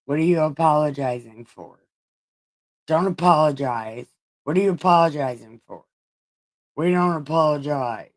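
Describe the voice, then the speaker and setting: A low-voiced woman hosts a casual Bible reading on livestream, keeping a measured pace and pausing often. Her manner is crude, with swearing, laughing asides, and chatter aimed at viewers.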